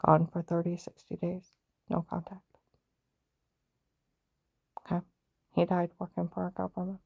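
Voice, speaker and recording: A woman's voice: lowish voice, completely flat delivery, unhurried, vocal fry, darkish tone, husky. A woman on a personal vlog, ranting in an agitated, emphatic way, repeating herself and rambling from point to point. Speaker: vlogger.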